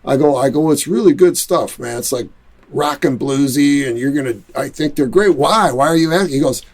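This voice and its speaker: A man with a Detroit accent telling a lively story in a casual interview, acting out other people's quotes. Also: medium pitch, brisk. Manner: animated storyteller who acts out quotes. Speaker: musician and studio owner, guest.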